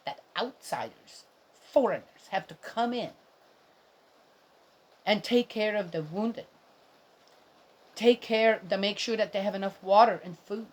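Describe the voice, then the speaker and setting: A woman's voice: mid-range voice, measured pace, long pauses. A middle-aged woman giving casual, indignant commentary on a Bible reading, rambling and speaking straight to her viewers.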